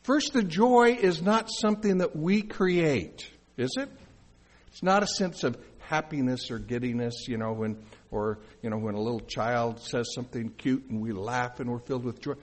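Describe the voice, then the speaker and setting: A man's voice: medium pitch, normal speed. A male pastor preaching a sermon in a conversational way, with asides and questions to the congregation.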